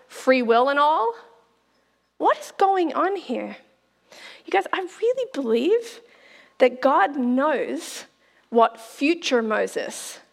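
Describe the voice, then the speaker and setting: A woman preaching a sermon in an animated, chatty way, laughing often and talking straight to the congregation. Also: sits high, creaky, long reverb tail. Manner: animated, laughs often, addresses listeners as "you guys".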